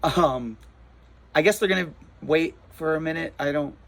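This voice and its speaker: A man's voice: on the high side, moderate pace, gravelly, a bit bright. A man with a New Jersey accent, a comic shop owner, telling a rattled, rambling story in a casual vlog, full of restarts and repeated words.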